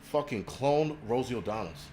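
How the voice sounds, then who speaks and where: A man's voice: medium pitch, expressive, moderate pace, a little mellow, a little hiss or hum. A man hosting a livestream, ranting crudely and rambling while he answers viewers' chat. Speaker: livestream host.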